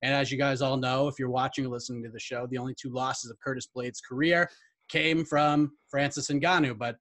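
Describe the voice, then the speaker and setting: A man hosting a podcast panel, setting up topics briskly and calling on each panelist in turn. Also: medium pitch, fairly even intonation, a bit bright. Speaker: host.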